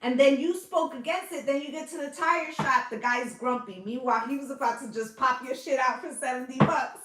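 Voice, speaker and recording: High-voiced woman giving a chatty tarot reading. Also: a little fast, a bit bright. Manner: chatty, swears freely, coaxing asides like "okay?" and "right?". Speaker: intuitive tarot reader. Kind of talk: casual tarot reading to viewers. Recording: roomy echo.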